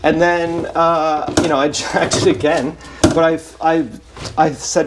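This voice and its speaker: Guy with a higher voice rambling on a live stream, blunt and repetitive, action cam mic. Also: level tone, a little slow, a little hiss or hum. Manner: repetitive, blunt, self-questioning. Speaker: livestreamer. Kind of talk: rambling confessional monologue. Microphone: action camera mic.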